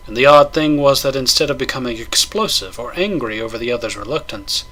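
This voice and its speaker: A man doing a measured, dramatic audiobook-style reading of a horror tale. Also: medium pitch, expressive, fairly bright tone. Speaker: narrator.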